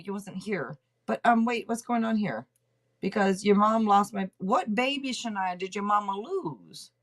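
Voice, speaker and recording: A woman hosting a casual livestream, chatting loosely and swearing now and then as she reads names off a list. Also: mid-range voice. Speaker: podcast host reading tarot for a live chat.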